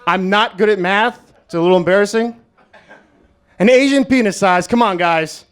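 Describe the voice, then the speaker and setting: A young American man works through a stand-up set at an open mic, speaking in a notably high register. His delivery is dry and deadpan, crude and self-mocking. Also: normal speed, clean tone. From United States. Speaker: stand-up comedian. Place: comedy club stage, Las Vegas.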